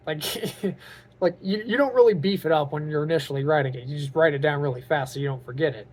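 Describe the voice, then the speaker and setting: A man talking to camera in a casual vlog, earnest and openly emotional, rambling with lots of "like" and "you know". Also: fairly high pitch. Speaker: vlogger and aspiring author.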